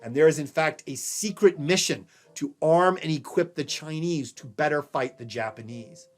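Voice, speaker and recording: A man's voice: on the high side, normal speed. A man from Louisiana giving a recorded history lecture, telling it as a story in a conversational way and checking in with his listeners. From Louisiana, USA. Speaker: history professor.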